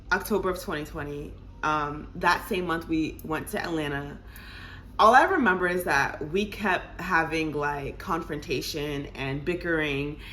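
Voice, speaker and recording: A young woman in her twenties tells a casual vlog story to her viewers, animated and laughing and calling them y'all. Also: fairly low pitch, a little hiss or hum. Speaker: vlogger.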